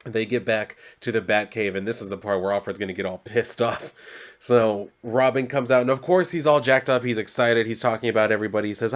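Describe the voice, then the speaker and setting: A man's voice: lowish voice, fairly quick. Laid-back man recapping a comic. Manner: loose and rambling, lots of fillers like "so" and "like". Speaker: comic book reviewer.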